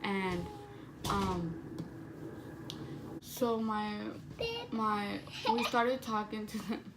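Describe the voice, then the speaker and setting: A young woman in a vlog tells a story about her own life in a loose, chatty way. Her voice sits at an ordinary middle pitch, and she swears easily and leans on "like" constantly. A steady hiss of background noise runs under the recording. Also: drawn-out words. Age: young adult. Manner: casual, profane, heavy use of "like". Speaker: vlogger.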